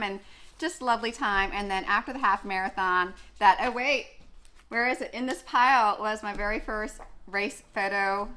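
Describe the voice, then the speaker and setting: A woman's voice: mid-range voice, pushed and bright. A young woman vlogging in a casual, chatty way, gushing, with many fillers and restarts. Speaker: running vlogger. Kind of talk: casual chat.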